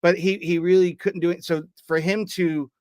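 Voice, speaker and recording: A man's voice: sits high, normal speed, no room sound, studio quality. A man co-hosting a podcast, telling a personal story in casual chat and acting out the remembered dialogue as he goes. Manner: lively storyteller who acts out remembered dialogue. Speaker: podcast co-host.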